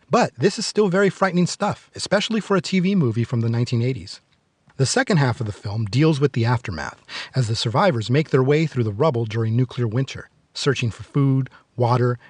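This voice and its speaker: A man's voice: medium pitch, no echo. A man in his forties hosting a film review podcast, narrating in a sardonic, darkly joking way. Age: 40s. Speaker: podcast host.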